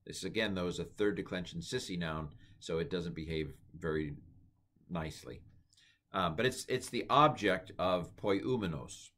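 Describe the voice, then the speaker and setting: A man giving a casual Bible Greek lesson, thinking aloud with many fillers and slowly repeating words to try out their pronunciation. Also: deep voice. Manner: relaxed, thinking aloud with many ums and uhs. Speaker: Greek teacher. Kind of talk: informal Bible language lesson.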